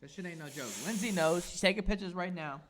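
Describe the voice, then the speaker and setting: A man's voice: high voice, fast, fairly bright tone, a little hiss or hum. A young man co-hosting a casual podcast, rowdy and swearing as he cheers the others on. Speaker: podcast co-host. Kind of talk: casual chat.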